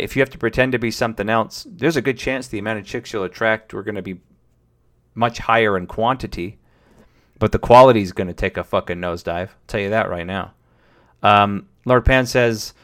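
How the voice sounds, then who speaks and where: A man's voice: on the low side, a bit bright. A young man hosting a livestream, giving blunt, profane dating advice in casual chat while reading comments from his viewers. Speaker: livestream host.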